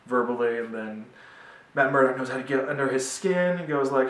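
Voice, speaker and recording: A man's voice: mid-range voice, a little fast, a bit bright, distant mic. A young man giving a casual, rambling TV review with many fillers, recorded at home in a roomy space away from the mic. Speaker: TV show reviewer.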